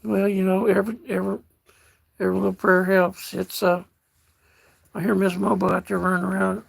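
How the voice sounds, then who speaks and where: An older American man hosting a casual livestream, reading out chat messages in a slow, folksy way and calling viewers darling. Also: high-pitched, little pitch movement, gravelly, husky. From United States.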